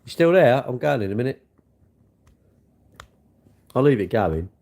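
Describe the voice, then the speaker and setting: A man's voice: medium pitch, big pitch swings, a little slow, creaky, a little mellow. A middle-aged man chatting loosely and self-mockingly on a late-night livestream from his bedroom, talking into his phone. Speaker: livestream host.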